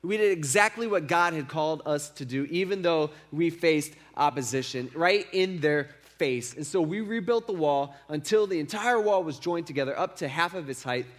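A male pastor with a high voice preaches a sermon in a loose, conversational way. He is emphatic and repeats points for weight, often checking in with his listeners. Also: expressive, moderate pace, few pauses.

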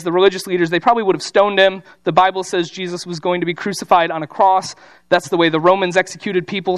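A man's voice: sits high, fairly bright tone. A man preaching a sermon, reading scripture and retelling it in casual everyday speech. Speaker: pastor.

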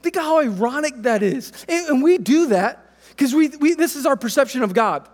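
A man in his thirties preaching a sermon, telling a family story in a relaxed, conversational way. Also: very high-pitched, moderate pace, long reverb tail. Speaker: pastor.

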